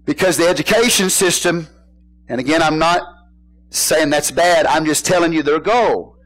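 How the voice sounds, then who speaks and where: Pastor, middle-aged man, slightly high voice; folksy sermon with call-and-response and shouted emphasis. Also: moderate pace, low-quality recording. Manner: preaches with call-and-response questions to the congregation; casual folksy phrasing, bursts into shouted emphasis.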